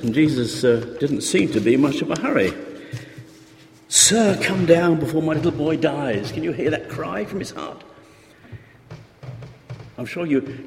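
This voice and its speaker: A man's voice: medium pitch, darkish tone. A man preaching a sermon, conversational and full of rhetorical questions, sometimes acting out desperate pleas. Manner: conversational, rhetorical questions, acts out pleading voices. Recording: reverberant hall, faint noise.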